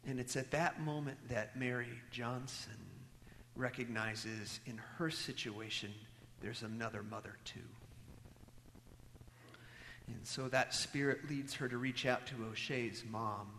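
A man preaching a sermon, telling a story and moving between loud emphasis and hushed, near-whispered lines. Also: mid-range voice, steady tone, a little slow, slight background noise. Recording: long hall reverb.

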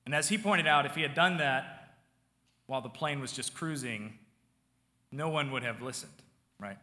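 Bright-voiced preacher in a reverberant hall. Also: male voice, medium pitch, normal speed. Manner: conversational preaching, swings from loud to hushed. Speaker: pastor. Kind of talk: sermon.

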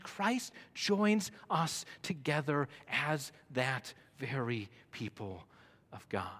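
Male pastor, sermon, high lively voice, long reverb of a church hall. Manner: animated preaching, builds to loud emphatic runs. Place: church sanctuary.

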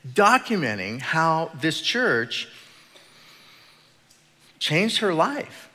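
A middle-aged man preaching a sermon in church, telling a story with halting, repeated words. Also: fairly high pitch, big pitch swings, bright, forceful tone. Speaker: pastor. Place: church sanctuary. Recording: echoey church hall.

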